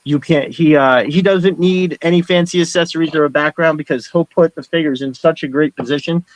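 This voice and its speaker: A man's voice: fairly high pitch, steady tone, brisk, dry recording, poor audio. Middle-aged man, live-stream host, casual rambling chat, friendly greetings, dry close sound.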